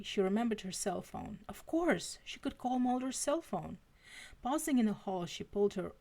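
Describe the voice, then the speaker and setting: A woman's voice: mid-range voice, gravelly, darkish tone. A woman reading fanfiction aloud on a live stream, stumbling and restarting now and then. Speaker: fanfiction reader.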